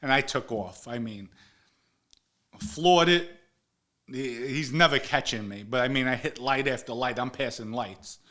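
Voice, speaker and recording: A man in his forties tells a story casually, in a voice of ordinary pitch. He swears freely and slips into the voices of the people he quotes. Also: unhurried, pushed and bright. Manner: profane, acts out quoted dialogue. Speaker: guest storyteller.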